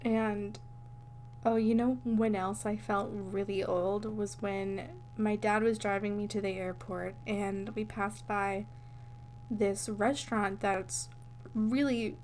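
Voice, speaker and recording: Slow-talking, giggly young woman. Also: medium pitch, steady tone, darkish tone, slight background noise. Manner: giggly, easily amused, meandering stories. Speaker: podcast co-host. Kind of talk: casual chat.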